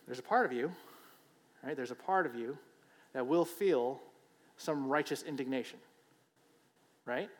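A man's voice: mid-range voice, a little slow, long pauses. A man preacher giving a sermon in a conversational, emphatic way, often checking in with "right?". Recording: long hall reverb.

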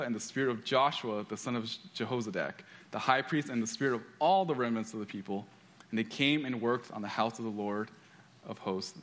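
A man's voice: mid-range voice, fairly bright tone. A man giving a sermon, telling stories with frequent restarts and reading scripture aloud. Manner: storytelling with repeated restarts. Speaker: pastor.

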